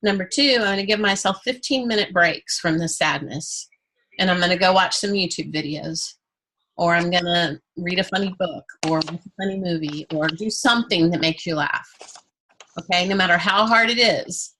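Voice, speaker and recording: Woman teacher, bright and a touch raspy, chatty and joking with her class. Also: lowish voice, normal speed. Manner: candid and joking, with playful self-talk. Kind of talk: casual, chatty class talk.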